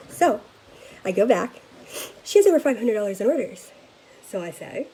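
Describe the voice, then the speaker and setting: A woman leading a sales team, giving an energetic motivational talk to camera and often checking in with a quick "okay?". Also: medium pitch, husky, rough recording. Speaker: direct-sales team leader.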